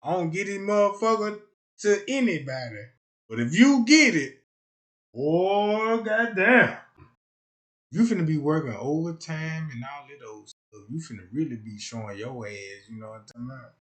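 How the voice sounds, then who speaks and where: Male streamer, higher-pitched, loose comedic rambler; loud one moment, muttering the next. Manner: rambling, keeps asking "you know what I'm talking about"; swings between loud outbursts and low mutters. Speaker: live streamer. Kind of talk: casual comedic rant.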